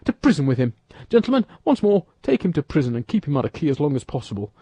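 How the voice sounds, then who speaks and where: A man reading an audiobook, voicing a bold, quick-witted young male musketeer who talks in a commanding, brisk way. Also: fairly high pitch, big pitch swings, dark tone, slightly rough, no room sound, pitched above the performer's own voice, heavily acted.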